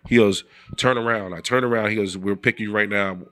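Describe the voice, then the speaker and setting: A man's voice: fairly low pitch, fairly even intonation, fast talker, bright, forceful tone. A middle-aged man, a former pro football player, telling a long story in a casual interview and acting out the voices of the people in it.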